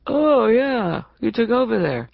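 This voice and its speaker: A woman narrator voicing a husky, blunt, wealthy woman friend who has just been woken and sounds gruff and sleepy. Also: fairly high pitch, big pitch swings, unhurried, dry recording, highs cut off, voice pushed up, full character voice. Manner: gruff and sleepy, then sharp.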